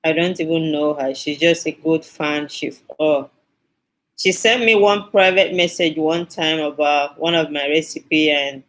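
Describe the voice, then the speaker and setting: A woman's voice: low-pitched, measured pace, low-quality recording. A woman hosting a skincare live stream, chatting with viewers and thanking them effusively, often repeating her phrases. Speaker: skincare channel host.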